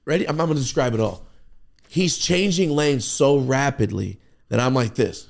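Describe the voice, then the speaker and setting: A man on a podcast telling a profane, excitable story and acting out his own reactions. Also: medium pitch, moderate pace, creaky. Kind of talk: animated storytelling.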